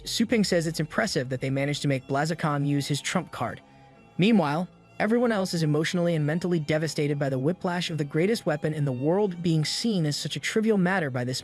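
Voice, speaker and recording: A man narrating a comic recap in a scripted style, breaking in with wry, slangy asides. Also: fairly high pitch. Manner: wry, slangy commentary between plot beats.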